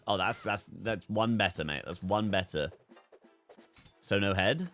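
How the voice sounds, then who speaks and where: A man's voice: fairly low pitch, measured pace, long pauses, a bit bright, soft background music. A young man streaming a game, chatting casually, swearing freely and breaking into laughter. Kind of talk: live gameplay commentary.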